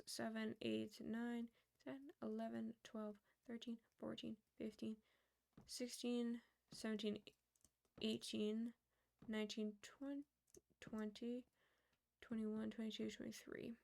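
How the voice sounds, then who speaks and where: Young female streamer with a slightly high, creaky voice; chatty and relaxed, mutters while she works. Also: takes it slowly. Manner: mutters and counts under her breath, chatty storyteller. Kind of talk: casual chat while building in a game.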